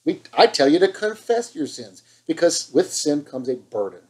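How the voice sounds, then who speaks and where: A man's voice: on the high side, sing-song, moderate pace, a little mellow, rough recording. A man preaching an impassioned online sermon, fired up and scolding, hammering points with repetition.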